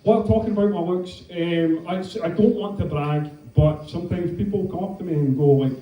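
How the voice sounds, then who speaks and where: A man's voice: sits high, a little fast, few pauses, highs cut off. A man in his thirties with a Scottish accent, doing a wry, self-mocking stand-up set with plenty of swearing. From Scotland. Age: 30s. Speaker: stand-up comedian. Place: comedy club stage with audience. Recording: echoey room, mic from a distance.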